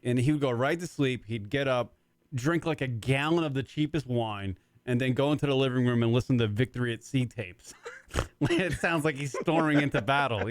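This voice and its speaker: A man hosting a comedy talk radio show, telling rambling stories with a lot of swearing and rising excitement. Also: medium pitch, no echo. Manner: rambling storyteller, swears freely, gets worked up.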